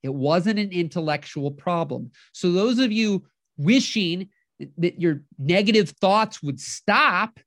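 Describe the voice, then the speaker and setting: A podcast host giving a motivational talk in an animated way, often acting out inner voices and checking in with the listener. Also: mid-range voice, slow pace, no echo, clean studio sound. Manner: animated, acts out inner voices, keeps asking "right?".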